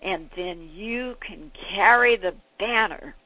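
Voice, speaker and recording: A woman voicing a fiery older male health lecturer who declaims forcefully, in a dull lo-fi recording. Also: medium pitch, slow. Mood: earnest.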